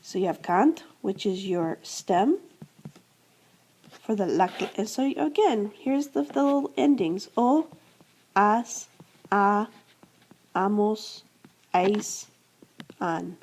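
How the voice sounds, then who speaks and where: A woman's voice: medium pitch, lively intonation, takes it slowly, pauses often, a little mellow, slightly rough. A woman teaching a grammar lesson, explaining step by step, repeating verb endings and answering her own questions. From United States. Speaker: Spanish teacher. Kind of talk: classroom-style grammar lesson.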